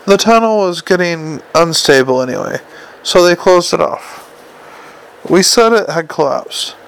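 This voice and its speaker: A man reading an audiobook and voicing a brisk, stubborn, matter-of-fact woman in a gravelly voice. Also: fairly high pitch, expressive, poor audio. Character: brisk, stubborn, sharp-tongued adult woman. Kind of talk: audiobook character voice.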